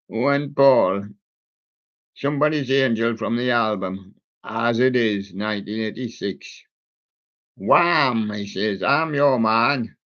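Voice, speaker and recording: A man hosts a live music stream in an unhurried, drawn-out way, making jokes and puns about the songs. His voice comes through dull and lo-fi. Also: lowish voice, fairly bright tone. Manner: jokey, punning on song titles. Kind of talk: playful music chat. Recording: dull lo-fi sound.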